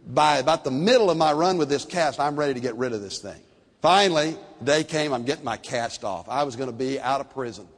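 An older man preaching a sermon, telling stories and swinging between soft, slow passages and loud, animated ones. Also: mid-range voice, big-room sound. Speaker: pastor.

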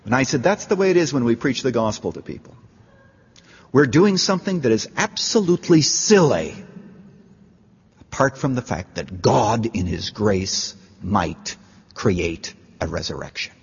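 A man's voice: on the low side, animated, moderate pace, slightly rough. A man preaching a sermon, telling a story and rising to fervent appeals. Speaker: pastor. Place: large church. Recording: dull, echoey church hall.

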